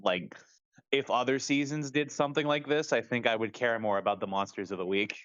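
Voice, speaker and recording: A man's voice: medium pitch, brisk, a bit bright, no echo, highs cut off. A man co-hosting a casual podcast, talking with enthusiasm about a favorite show. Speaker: podcast co-host.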